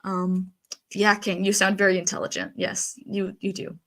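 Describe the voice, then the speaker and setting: A woman live-streaming, chatting loosely and answering her chat as she goes. Her voice is mid-pitched and slightly stuffy from a blocked nose, with frequent fillers and easy laughter. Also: level tone, moderate pace, gravelly, a bit bright. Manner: chatty, reads chat aloud, laughs often, frequent ums and likes.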